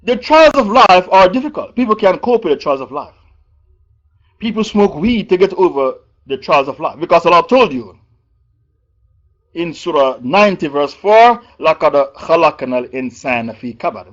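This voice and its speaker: A man preaching an evening religious lesson, slow and deliberate, repeating key phrases and putting questions to his audience. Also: high-pitched, expressive, muffled recording. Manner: repeats verse numbers and key phrases for emphasis. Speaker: Islamic preacher teaching Quran commentary.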